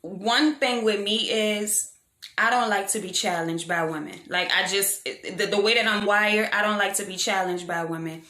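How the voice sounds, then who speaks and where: A young woman telling a storytime vlog in a frank, animated, slangy way, poking fun at herself. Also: mid-range voice, moderate pace. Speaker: vlogger. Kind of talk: casual storytime monologue. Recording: echoey room.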